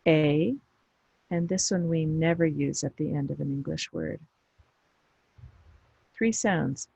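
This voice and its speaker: Woman phonics tutor, low husky voice, slow deliberate delivery. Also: steady tone, warm tone, no echo, poor audio. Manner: pronounces isolated sounds deliberately, explains briefly. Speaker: phonics teacher. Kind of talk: slow instructional phonics drill.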